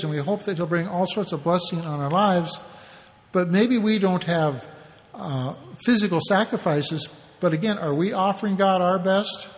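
Male Bible teacher, high voice, relaxed explanatory sermon, reverberant room. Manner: conversational, paraphrases scripture in everyday words.

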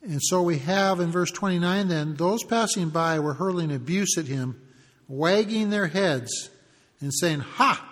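A man's voice: high-pitched, unhurried, big-room sound. A man preaching a conversational expository sermon, reading verses and acting out brief taunts as asides. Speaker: pastor.

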